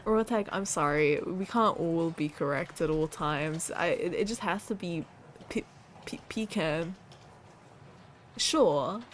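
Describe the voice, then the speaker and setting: A woman's voice: deep voice, measured pace, a little hiss or hum. A woman streaming casually, reading viewer submissions aloud and repeating words with a playful laugh.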